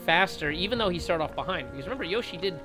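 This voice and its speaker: A man's voice: high-pitched, expressive, very fast, over music. A man casually commentating a video game match on a live stream, joking and rambling, with "like" in every line. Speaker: esports commentator.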